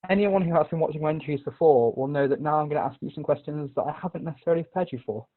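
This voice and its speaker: A man's voice: a little high, rapid-fire. Male interview host, friendly and upbeat, tinny phone-like sound. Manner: friendly, enthusiastic questioner. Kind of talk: casual interview chat. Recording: tinny phone-like video call audio.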